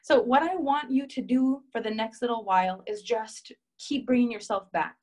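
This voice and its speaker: A woman's voice: on the high side, normal speed. Encouraging woman coaching a group call. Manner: warm, encouraging, reads out members' comments. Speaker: relationship coach.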